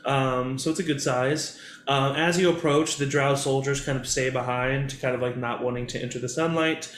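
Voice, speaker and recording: A man narrating as game master of a tabletop game, in a relaxed way with many pauses and "um"s. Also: mid-range voice, roomy sound.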